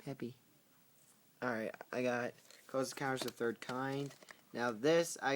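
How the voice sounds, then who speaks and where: A man casually going through his tape collection on camera, talking in halting bursts with ums and restarts. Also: medium pitch. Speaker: VHS tape collector vlogger. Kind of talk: casual spoken video commentary. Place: at home with a pet in the room. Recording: noisy home recording with clicks.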